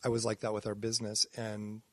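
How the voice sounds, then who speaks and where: A man's voice: on the low side, monotone, fast, fairly bright tone, dry recording. A man from Nebraska, a podcast guest, talking reflectively in a casual interview with many ums and restarts.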